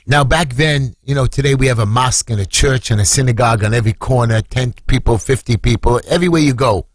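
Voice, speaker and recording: A man's voice: quick pace, no echo, clean studio sound. A middle-aged man tells an emotional story on the radio, with dramatic swings in his voice. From Brooklyn, New York. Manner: dramatic retelling, voice leaping high when acting out screams. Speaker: council candidate.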